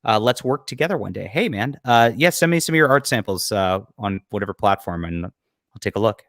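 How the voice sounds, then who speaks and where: Low-voiced man hosting a livestream. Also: lively intonation, a little fast, a bit bright, no echo, studio quality. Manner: blunt, mocking commentary with frequent fillers. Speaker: livestream host. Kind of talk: casual commentary over a clip.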